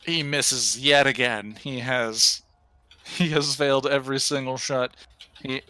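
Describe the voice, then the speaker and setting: A man narrating as game master of an online tabletop game, quick and chatty, laughing easily. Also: medium pitch, fairly even intonation, sharp tone.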